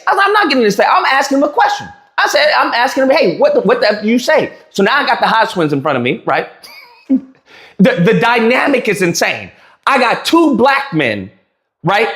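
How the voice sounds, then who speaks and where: Animated high-voiced man telling a story. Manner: animated, acts out quoted lines, frequent restarts. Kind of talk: casual storytelling rant. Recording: echoey room.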